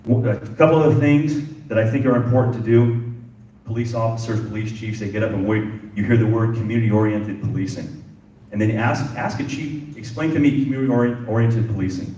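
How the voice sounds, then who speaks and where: A man's voice: fairly low pitch, brisk, dark tone, slight background noise. A middle-aged man, a police chief, giving a passionate speech at a community symposium, repeating phrases for emphasis. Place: event hall indoors. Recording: echoey room with distant mic.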